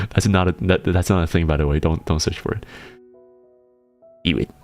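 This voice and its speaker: A man with a hoarse, worn voice from laryngitis, chatting casually on a stream, rambling and joking and often laughing. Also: low-pitched.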